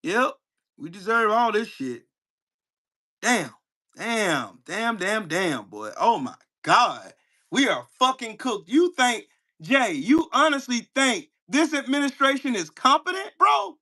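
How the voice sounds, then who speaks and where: Guy going off on a political rant, cussing, yelling at a commenter, voice swinging all over, sharp edge. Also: high voice, sing-song, slow. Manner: heated, profane, mocking, bursts into shouting; fires rhetorical questions at a commenter. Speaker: channel host. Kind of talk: angry political rant to camera.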